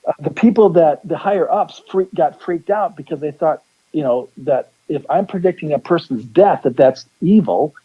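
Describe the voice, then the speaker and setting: A man's voice: mid-range voice, husky, muffled recording. A man guesting as a psychic on a radio show, telling a rambling story and acting out the lines of the people in it. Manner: rambling, restarts sentences, acts out quotes.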